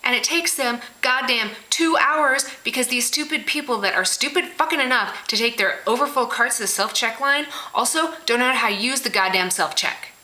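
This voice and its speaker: A young woman rants to camera in a casual vlog, blunt and sarcastic, swearing freely. Her voice is bright and forceful, and she mocks others by slipping into meek, whiny put-on voices. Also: fairly high pitch, normal speed, hardly any pauses, rough recording. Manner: blunt, profane, sarcastic ranting. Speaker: vlogger.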